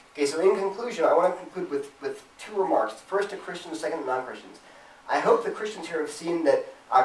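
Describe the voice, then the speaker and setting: A man's voice: on the high side, slight background noise. A man giving an earnest, emphatic talk to a campus Christian group, acting out imagined objections in a raised voice. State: choked up with emotion at times. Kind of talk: apologetics talk to students. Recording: roomy, distant from the mic.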